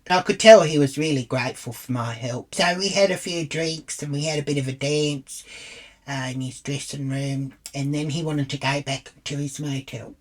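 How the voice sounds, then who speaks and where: A woman's voice: a bass voice, husky. A woman with an Australian accent telling a bawdy comic story in a brash, chatty way.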